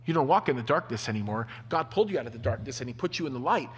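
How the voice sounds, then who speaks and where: A man preaching a sermon, telling stories in an animated way. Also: mid-range voice, racing, a little hiss or hum. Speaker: pastor. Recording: long hall reverb.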